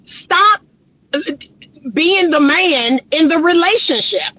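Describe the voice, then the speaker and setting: A woman's voice: high-pitched, sing-song, takes it slowly, bright, forceful tone, low-quality recording. A woman relationship coach giving reaction commentary, emphatic and lecturing, repeating her points.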